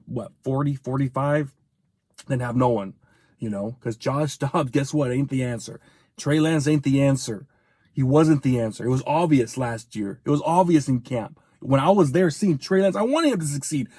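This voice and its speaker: A man giving a heated, profane fan rant as a sports commentator, venting in rapid bursts. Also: on the high side, mellow, husky, dry recording, studio quality.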